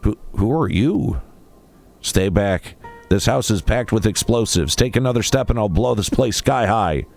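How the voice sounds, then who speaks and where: A wary, haunted young woman from a video game, frightened and hiding among ruins, read aloud by a man in his own low voice. She speaks haltingly and quietly, with soft music faint underneath. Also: animated, gravelly.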